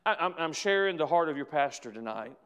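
A man's voice: on the high side, animated, a little fast, a bit bright, clean tone, dull audio. A man, preaching a sermon as pastor, reading scripture and building to fervent repeated appeals. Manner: preaching with rising fervor and repeated phrases.

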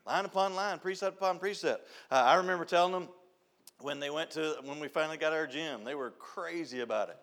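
A man's voice: fairly high pitch, fairly bright tone. An older man giving an informal church talk, folksy and storytelling, often repeating a refrain. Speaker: youth director.

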